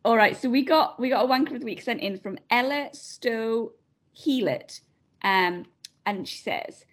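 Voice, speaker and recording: Woman co-host, laughs a lot, slightly husky, a bit higher voice. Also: lively intonation, measured pace. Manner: laughs often, sweary, reads aloud. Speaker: podcast co-host. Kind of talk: casual chat, reading listener messages.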